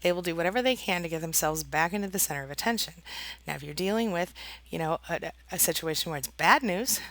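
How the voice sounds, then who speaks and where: A woman who hosts and coaches on narcissistic abuse talks casually and earnestly to camera about abusive relationships, with many fillers and small laughs. Her voice is fairly low, fast and a bit bright, and the recording is rough.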